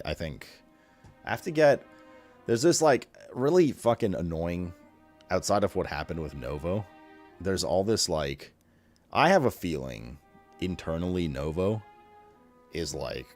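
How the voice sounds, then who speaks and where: A man streaming and chatting casually, rambling and swearing freely as he reads and answers his chat, with faint music behind him. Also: very deep voice. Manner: rambling, profane, reading chat aloud.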